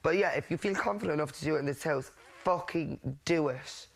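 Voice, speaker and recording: A man's voice: on the high side, brisk, vocal fry. A man housemate in a casual heart-to-heart, blunt and reassuring, swearing freely. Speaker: reality show housemate.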